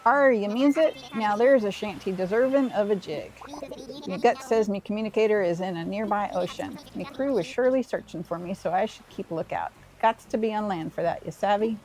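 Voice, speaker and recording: A woman's voice: mid-range voice, brisk, darkish tone, lightly acted, low-quality recording. A woman reading Gulliver, a hammy pirate seagull. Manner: hammy pirate talk with growled "arr"s. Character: blustery pirate-wannabe male seagull, pun-loving.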